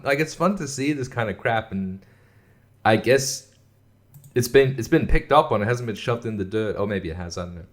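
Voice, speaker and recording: A man's voice: mid-range voice, lively intonation, moderate pace, long pauses. A man hosting a casual solo show, sarcastic and mocking, swearing often and laughing at what he reads. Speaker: podcast host.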